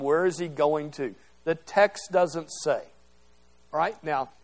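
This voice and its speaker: Man, middle-aged, Bible class teacher, conversational lecture, slightly high voice, checks in often. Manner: conversational, keeps checking understanding with "okay?". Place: classroom or church hall with a group.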